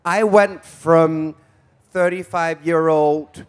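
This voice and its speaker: A man's voice: a little high, steady tone, slow, clear, resonant tone. A man in his forties hosting a live event as a drag queen, with flamboyant, theatrical camp banter on stage. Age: 40s. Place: event stage before an audience.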